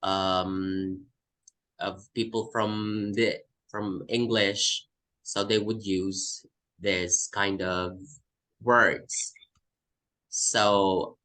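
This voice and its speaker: A man's voice: on the low side, pushed and bright, rough recording. A man from the Philippines, teaching an English test class and explaining by repeating example words. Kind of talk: online class lesson.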